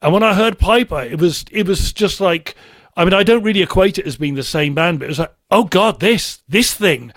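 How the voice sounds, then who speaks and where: A man's voice: high voice, fast, dry recording. A man, a musician being interviewed, talking thoughtfully and with enthusiasm about music, often restarting his sentences. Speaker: musician guest. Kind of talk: casual interview talk.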